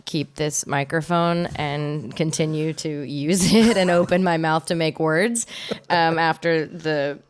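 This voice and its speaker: A woman's voice: low voice, fairly even intonation, a little slow, clear, resonant tone. A woman co-hosting a podcast in casual chat, chatty and giggly, rambling with fillers. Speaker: podcast co-host; voice-over artist.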